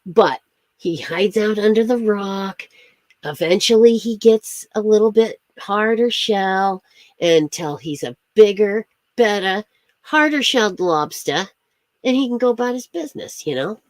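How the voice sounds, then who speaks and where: A woman's voice: mid-range voice, animated, measured pace, no echo. A woman chatting casually on a livestream, rambling from story to story, laughing often and greeting viewers by name. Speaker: astrology streamer.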